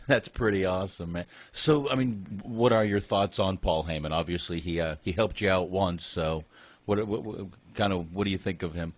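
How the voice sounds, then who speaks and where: A man's voice: low-pitched, moderate pace, no room sound. A man hosting a podcast, asking questions in a laid-back casual interview. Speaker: podcast host.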